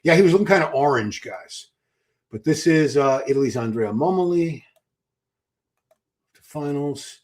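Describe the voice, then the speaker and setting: His fairly high, slightly mellow voice is animated, and he speaks at normal speed with long pauses. As a livestream host he offers chatty, enthusiastic commentary, reads viewer questions out, and restarts often.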